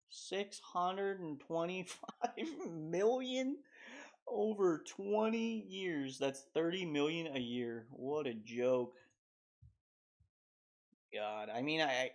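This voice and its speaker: A man in his thirties hosting a casual stock market livestream, rambling loosely with swearing and laughs. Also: mid-range voice. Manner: profane, laughing, loose and offhand.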